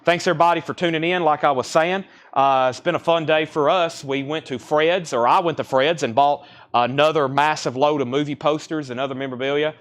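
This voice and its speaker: A man's voice: on the high side, fairly even intonation, brisk, few pauses, a bit bright. A middle-aged man hosting a live-stream record sale, chatting casually and rattling off prices and bids.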